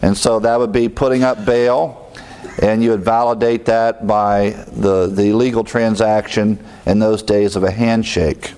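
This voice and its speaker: Male Bible teacher, middle-aged, lowish voice, relaxed conversational delivery with small chuckles. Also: a little slow, clean tone.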